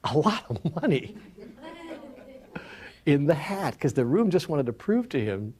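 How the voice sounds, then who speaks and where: A man giving a spiritual talk as an animated storyteller, acting out dialogue and sometimes dropping to a soft near-whisper. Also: fairly high pitch, takes it slowly. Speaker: spiritual speaker.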